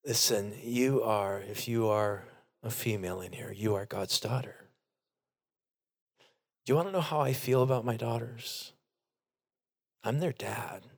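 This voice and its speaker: Middle-aged pastor guy preaching slow and earnest in a church, talks right to the people. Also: medium pitch, vocal fry. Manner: earnest, direct, addresses the congregation. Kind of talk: sermon. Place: church sanctuary.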